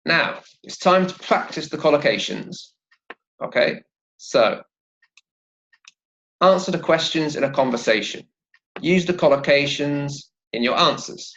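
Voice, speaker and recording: In this lo-fi recording, a man with a gravelly, mid-range, somewhat bright voice teaches English words and their pronunciation. He repeats each one patiently so learners can follow along, keeping the lesson slow and clear.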